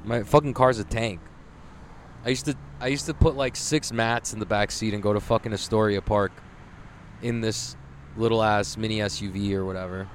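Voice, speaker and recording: A man's voice: lowish voice, steady tone, moderate pace. A swearing young guy doing a podcast while stuck in traffic, rambly and jokey, road noise from the car in the background. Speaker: podcast host. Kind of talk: casual solo podcast while driving. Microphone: large podcast microphone with headphones.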